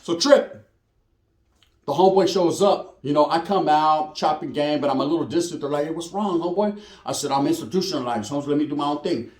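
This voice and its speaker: In a roomy-sounding recording, a man with a fairly high voice talks a little fast as he tells a story from prison. His speech is casual street slang mixed with Spanish words, and he acts out what the other people said.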